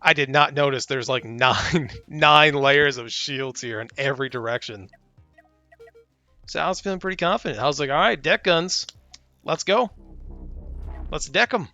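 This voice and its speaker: Excitable young man narrating his gameplay. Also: on the high side, moderate pace, long pauses, lo-fi sound, faint music behind. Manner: excitable, exasperated, pleads loudly at the screen. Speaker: gaming YouTuber. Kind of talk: casual gameplay commentary.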